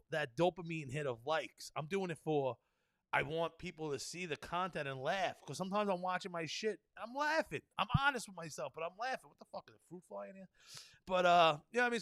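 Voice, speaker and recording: A man's voice: sits high, fairly bright tone, no echo. A young man, hosting a solo podcast and ranting profanely, peppering his talk with "you know what I mean". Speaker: podcast host.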